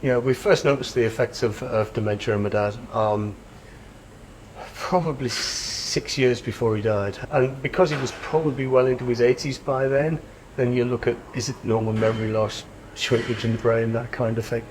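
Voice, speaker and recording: An older man, a rugby fan remembering his father in a documentary interview, speaking reflectively with many pauses and fillers. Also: medium pitch, steady tone, a little mellow, slight background noise, rough recording.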